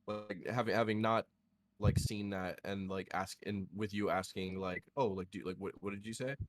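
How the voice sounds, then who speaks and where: Man doing a low-voiced, hesitant adventurer for a tabletop game, halting and rambly. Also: steady tone, noisy background, natural voice. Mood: earnest. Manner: halting, full of fillers and restarts. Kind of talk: tabletop role-play in character.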